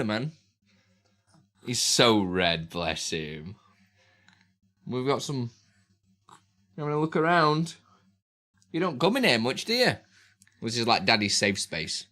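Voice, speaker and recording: Speaking close into a desk mic in his small home room, a British man banters playfully on a live stream, laughing a lot and lapsing into sing-song baby talk. His mid-range voice sounds pushed and bright.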